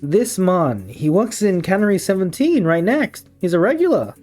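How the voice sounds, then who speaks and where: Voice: mid-range voice, big pitch swings, normal speed, darkish tone, faint music behind, pitched above the performer's own voice. A streamer voicing an offhand woman baker with a put-on Scottish or Irish lilt. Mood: breezy. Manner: offhand and casual. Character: smiling middle-aged woman baker, offhand.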